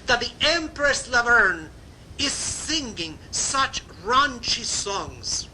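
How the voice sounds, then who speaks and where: A man playing a sarcastic male performer mocking a colleague from the wings, drawn-out and teasing. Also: extremely high pitch, very animated, sharp tone, slight background noise, voice pushed up, heavily acted.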